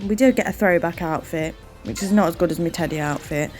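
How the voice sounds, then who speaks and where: A woman hosting her gaming channel, giving chatty, rambling let's-play commentary and warmly thanking her viewers. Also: medium pitch, expressive, a little fast, few pauses, faint music behind.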